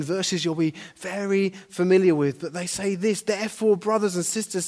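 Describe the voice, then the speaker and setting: A man preaching a sermon, conversational and animated, rising to emphatic declarations. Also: sits high, normal speed, hardly any pauses, big-room sound.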